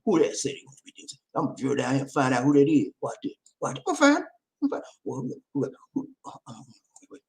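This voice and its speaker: A man from the United States hosting a live stream, talking loud and playful, often repeating himself. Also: mid-range voice, animated, fast, vocal fry, poor audio. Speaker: host. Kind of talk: lively live-stream chat.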